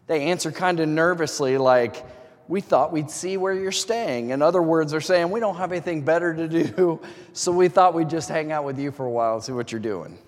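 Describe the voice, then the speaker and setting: A man preaching a sermon as a pastor, talking in a conversational way, asking many questions with light chuckles. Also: fairly high pitch. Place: church sanctuary. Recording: long reverb of a large hall.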